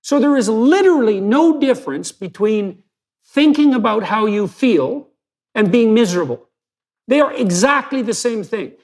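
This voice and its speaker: A man with a high voice for a man, roughened by a steady gravelly fry. He talks in an analytical, lecturing way, blunt and emphatic, and builds his case step by step through examples. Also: moderate pace. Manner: emphatic and blunt, with vivid hypotheticals. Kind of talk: analytical lecture-style conversation.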